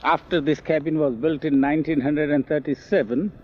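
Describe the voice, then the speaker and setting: A man's voice: on the high side, fairly quick, a little hiss or hum. Older man telling old stories, lo-fi. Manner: animated storyteller acting out quotes. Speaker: interviewee recalling memories. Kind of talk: oral history storytelling. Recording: dull lo-fi 1970s film audio.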